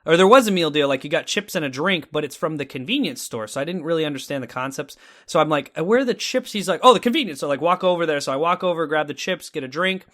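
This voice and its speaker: Texas guy telling a story, animated, acts out his reactions, slightly high voice. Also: fast, few pauses. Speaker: podcast co-host. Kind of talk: casual storytelling chat.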